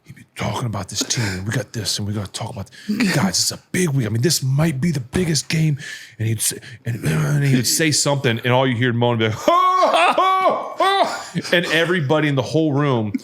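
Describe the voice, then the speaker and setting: A man with a medium-pitched voice hosts a podcast from a bar set. He talks in a relaxed, joking way. His sentences ramble and restart as he goes. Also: fast, breathy edge. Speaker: podcast host, retired quarterback. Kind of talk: casual chat.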